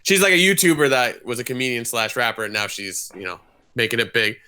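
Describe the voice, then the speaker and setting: Male podcast co-host, easygoing talker with a crisp, bright voice. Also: mid-range voice, fast talker. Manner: easygoing, agreeable, many "yeah"s and "like"s. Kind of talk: casual chat.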